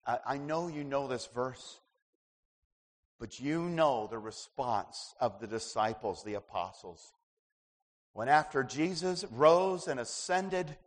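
A man preaching a sermon as pastor, swinging between loud emphasis and hushed asides. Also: fairly high pitch, in a large hall.

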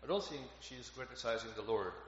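A man's voice: mid-range voice, fast, fairly bright tone. Male preacher, earnest and emphatic, heavy hall echo on a dull, lo-fi recording. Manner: earnest, rising to emphatic on key phrases. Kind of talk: sermon. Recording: echoey hall, dull lo-fi, faint noise.

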